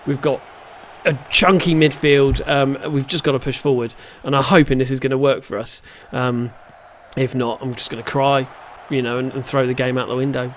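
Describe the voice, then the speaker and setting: A man giving live, excitable gameplay commentary, shouting at the match and muttering in between. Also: fairly high pitch, a little hiss or hum. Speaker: gaming channel host.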